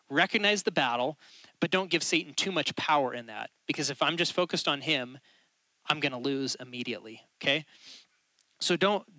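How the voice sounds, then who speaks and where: Male pastor, conversational sermon delivery, a bit high and bright. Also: no room sound, rough recording. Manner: conversational storytelling, keeps checking in with the crowd. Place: church.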